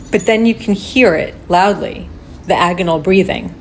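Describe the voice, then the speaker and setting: A woman giving unscripted reaction commentary, agitated and swearing, shaken and halting as she talks. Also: on the low side, slight background noise. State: shaking with upset. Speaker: reaction video creator.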